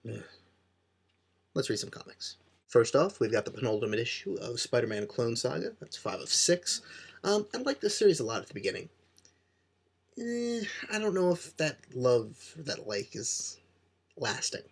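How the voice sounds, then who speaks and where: A man from New Jersey casually reviewing comics in a cold room indoors, rambling and offhand and quick to poke fun at himself. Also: medium pitch, big pitch swings, gravelly, breathy edge. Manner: rambling and offhand, self-deprecating.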